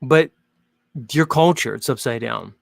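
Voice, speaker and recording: Chatty man with a gravelly voice. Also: medium pitch, a little slow, no room sound. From Northern Hemisphere. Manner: chatty, rambling, jokey, many "like" fillers. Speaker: host. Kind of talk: casual monologue to viewers.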